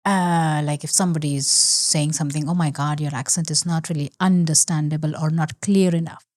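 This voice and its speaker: Woman hosting a podcast, low voice. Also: steady tone, brisk, darkish tone. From India. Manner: thoughtful, rephrases and searches for words. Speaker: podcast host. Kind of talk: conversational podcast interview.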